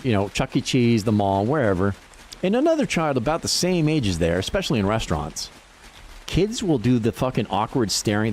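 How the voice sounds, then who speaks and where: Over a bit of hiss or hum, a young livestreamer from New Hampshire chats casually as he games, his voice mid-range. He tells animated stories, laughing often and swearing without restraint.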